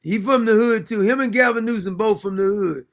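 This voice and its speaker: A man hosting a talk show, commenting loudly and incredulously on played clips. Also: high voice, fairly quick. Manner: incredulous, loud outbursts, frequent laughter. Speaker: show host. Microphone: streaming mic.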